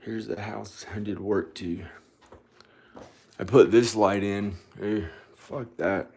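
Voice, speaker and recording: A man talking into his phone in a rambling personal vlog, halting and sighing with many restarts. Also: fairly low pitch, fairly even intonation, darkish tone, a little hiss or hum. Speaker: vlogger. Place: at home and outdoors in the country.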